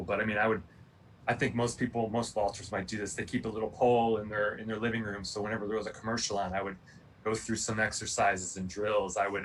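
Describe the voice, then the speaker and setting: A man in his forties, a former Olympic pole vaulter, giving a casual motivational talk in a rambling, animated storytelling way with lots of fillers. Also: on the low side. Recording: distant mic, faint room noise.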